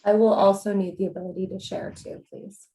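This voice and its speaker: A woman's voice: medium pitch, little pitch movement, brisk, dark tone, poor audio. A woman presenter speaking in a good-humored, self-deprecating way over a video call. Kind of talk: casual video-call chat.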